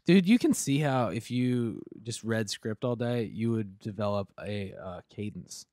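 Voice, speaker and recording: A man's voice: on the low side, expressive, measured pace, warm tone, dry recording, clean studio sound. A man co-hosting a casual podcast, teasing his friend and swearing often. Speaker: podcast co-host. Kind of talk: casual drunk podcast chat.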